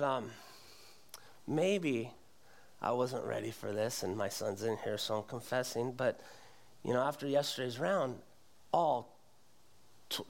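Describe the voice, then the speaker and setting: A middle-aged man preaching a sermon in church, with animated delivery that climbs to emphatic peaks. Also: mid-range voice. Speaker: pastor. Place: church sanctuary.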